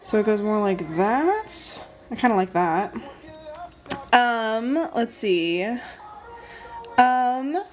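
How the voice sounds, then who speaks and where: A woman's voice: a little high, lively intonation, very slow, pauses often, soft background music. Chatty young woman livestreaming her drawing. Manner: chatty, thinks aloud, greets viewers warmly by name. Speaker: livestream host drawing stickers. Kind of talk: casual livestream chat while drawing.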